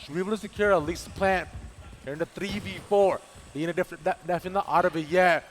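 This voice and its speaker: A male esports co-caster on a headset, his voice a little high. He calls the action dramatically, with animated bursts and playful asides. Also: racing, slight background noise. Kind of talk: live play-by-play commentary.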